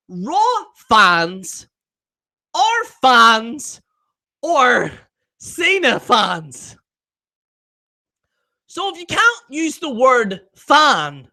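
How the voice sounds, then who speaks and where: A man with a high-pitched voice hosts a live stream, ranting in exasperated disbelief. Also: pushed and bright. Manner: exasperated and incredulous.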